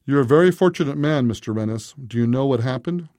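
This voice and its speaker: A man voicing a composed male doctor who speaks in a measured, clinical, firm way. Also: mid-range voice, lively intonation, a little mellow, no echo, studio quality, natural voice.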